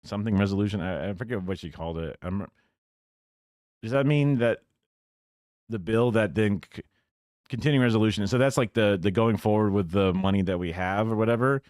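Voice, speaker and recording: A low-voiced man thinks out loud on a live stream, drifting between points and using mocking put-on quotes. The sound is dry and close, with no room echo. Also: fairly quick. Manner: rambling, sarcastic, swears, mocks in put-on quotes. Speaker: streamer reacting to news clips. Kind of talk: casual live-stream commentary.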